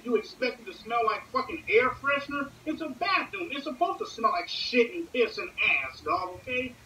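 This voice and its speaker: A young man rambles through a crude comic story, heavy with curses and fillers. His voice is sharp and bright. He sits away from the mic in an echoey room with a faint hiss behind him. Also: very high-pitched, very animated, fairly quick, distant mic. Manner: rambling, profane, lots of fillers.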